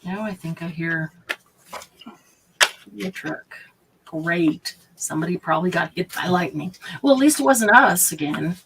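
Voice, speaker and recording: A woman's voice: fairly low pitch, a little slow, pauses often. A woman hosting a live crafting session, chatting casually and thinking aloud as she works. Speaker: crafting host. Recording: loud background noise.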